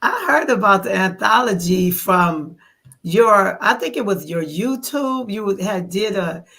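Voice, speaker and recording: A woman in her fifties, speaking as an interview guest in a bright, sharp-edged voice. She tells her story in an animated way, playing out her own past thoughts as little quoted scenes. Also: mid-range voice, measured pace. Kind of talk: conversational interview.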